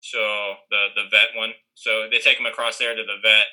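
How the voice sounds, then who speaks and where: A man's voice: lowish voice, level tone, normal speed, sharp tone, low-quality recording. A man casually telling a long story with lots of fillers and restarts. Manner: rambling, many fillers.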